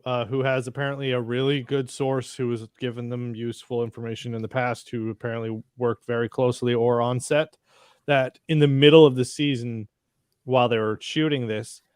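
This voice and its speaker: A man's voice: mid-range voice, clear, resonant tone, dry recording, clean studio sound. A man co-hosting a casual pop culture chat, sardonic and swearing. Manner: sardonic, swears, acts out quotes. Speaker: podcast co-host.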